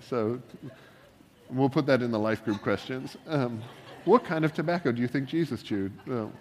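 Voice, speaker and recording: A man preaching a sermon in a relaxed, joking, conversational way, full of asides and wry humor. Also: medium pitch, normal speed, long pauses, long reverb tail, a little hiss or hum. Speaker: pastor.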